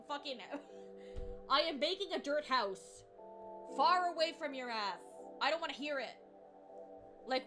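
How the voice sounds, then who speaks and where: A high-pitched young woman chats casually on a stream. She rambles and swears through her stories, breaking into laughs, with clear music playing behind her. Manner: profane, rambling, laughs often. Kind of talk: casual chat storytelling.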